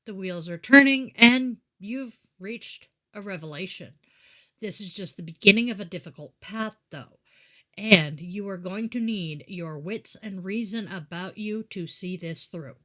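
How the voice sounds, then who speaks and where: A middle-aged woman hosting a live tarot stream from home, talking slowly and unhurriedly. She chats warmly, wanders into asides and reads each card aloud in a relaxed way. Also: medium pitch. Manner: chatty, warm-hearted, meandering with asides. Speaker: tarot reader and yoga teacher.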